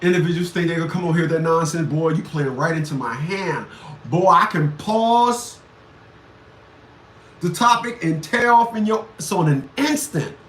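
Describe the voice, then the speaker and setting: A man hosting a livestream, ranting crudely with loud laughs and shouted outbursts. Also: on the high side, moderate pace. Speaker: livestream show host. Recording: echoey room, far from the mic.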